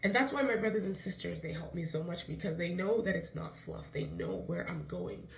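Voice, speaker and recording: A woman telling a story for her vlog in a casual, animated way, acting out the people she quotes. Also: lowish voice, a little fast, creaky, slight background noise. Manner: animated, quotes others in dialogue, excited disbelief. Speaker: vlogger, writer-director of a musical. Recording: echoey room.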